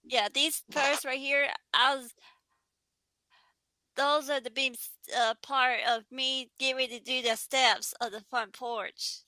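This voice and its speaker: A woman's voice: high voice, steady tone, a little slow, pushed and bright, no echo, rough recording. A woman chatting as a guest on a video call, giggly and stumbling over some words. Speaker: guest painter. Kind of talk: casual chat.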